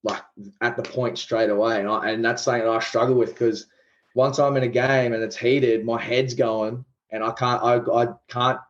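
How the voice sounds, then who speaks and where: A man's voice: medium pitch, level tone, normal speed, muffled recording. An Australian man in his twenties, a pro rugby league player chatting casually as a podcast guest, loose and self-deprecating. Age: 20s.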